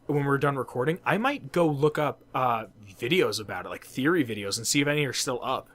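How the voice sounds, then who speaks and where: A man's voice: mid-range voice, expressive, fairly quick, a bit bright. A man in his twenties, a podcast host, telling a story in casual chat, swearing and laughing as he goes.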